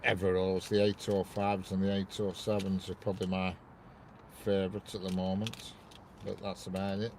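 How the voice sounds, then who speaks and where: A man's voice: low voice, flat delivery, normal speed, darkish tone, a little hiss or hum. A man from the north of England, chatting casually on a live stream from his parked car and greeting viewers by name in a rambling way. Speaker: railway livestreamer. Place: parked car near a railway bridge. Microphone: wireless clip-on mic inside car.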